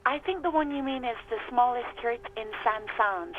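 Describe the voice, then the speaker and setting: An actress playing a woman speaking to a cop over the radio, gentle and wistful. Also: on the high side, animated, normal speed, phone-quality sound, soft background music, natural voice.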